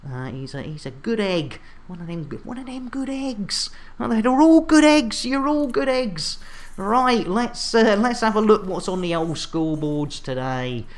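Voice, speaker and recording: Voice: mid-range voice, expressive, a little slow. A game streamer chatting casually on a live stream, with jolly, chatty showman patter and playful catchphrases.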